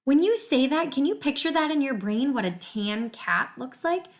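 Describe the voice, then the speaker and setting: A woman, a teacher giving a remote reading lesson to young children from home on a laptop mic, enunciating each word slowly and clearly and sounding encouraging. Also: high-pitched, lively intonation. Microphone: laptop computer mic.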